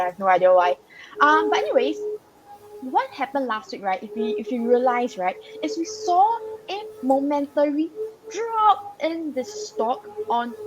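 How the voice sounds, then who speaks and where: Co-hosting a stock-market livestream, a somewhat groggy woman keeps the talk chatty, packed with fillers and frequent "right?" tags. Her voice is fairly high, and the audio sounds dull with background noise.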